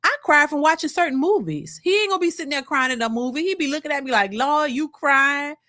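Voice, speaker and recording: A woman's voice: high-pitched, fast, dry recording, studio quality. A woman, talking casually and emphatically as host of a livestream. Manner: animated, emphatic, restarts often. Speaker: host of a reaction channel.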